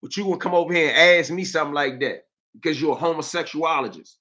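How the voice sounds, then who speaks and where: Animated, bright-voiced DC man ranting. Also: on the high side, fast, dull audio. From Washington, DC. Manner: animated, mocking, streetwise banter. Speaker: live-stream host. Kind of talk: live-stream commentary.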